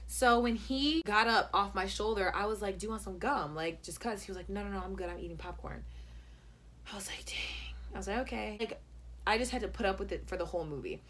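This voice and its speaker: A woman's voice: medium pitch, a bit bright. A young woman telling a casual storytime, chatty and full of "like", acting out what people said. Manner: chatty, heavy use of "like", acts out quotes. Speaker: YouTube storyteller.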